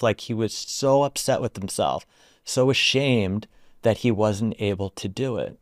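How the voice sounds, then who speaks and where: A man with a fairly low voice tells a story in a relaxed interview. He talks softly and haltingly, with many "like"s. The recording is close and dry. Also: no echo. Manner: soft-spoken, halting, full of "like". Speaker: retreat founder and guest.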